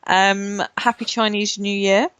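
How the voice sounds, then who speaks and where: A woman's voice: medium pitch, flat delivery, unhurried, a bit bright, clean tone, dry recording. A woman co-hosting a casual podcast, rambling with lots of fillers and swearing freely. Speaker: podcast co-host. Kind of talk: casual chat.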